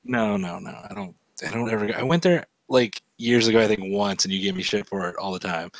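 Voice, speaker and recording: A man hosting an art livestream who chats casually and tells a rambling, animated story. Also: fairly low pitch, fairly quick, dry recording. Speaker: livestream art show host. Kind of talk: casual banter while drawing.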